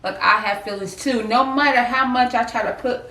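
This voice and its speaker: A woman's voice: a little high, a little fast, sharp tone, far from the mic. A woman co-hosting a casual heartfelt chat, speaking earnestly and openly about her feelings. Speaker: co-host. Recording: roomy, off-mic sound.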